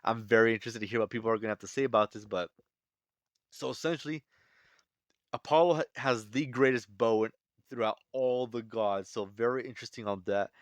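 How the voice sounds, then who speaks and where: A man's voice: mid-range voice, brisk, dry recording. A man casually breaking down a manga chapter, rambling with restarts and fillers. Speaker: manga reviewer.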